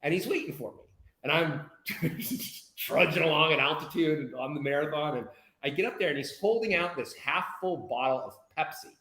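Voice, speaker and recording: An American man telling a personal story in an animated, candid way, sometimes swearing. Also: a little high, normal speed, echoey room, rough recording. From United States. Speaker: guest speaker. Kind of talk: casual storytelling.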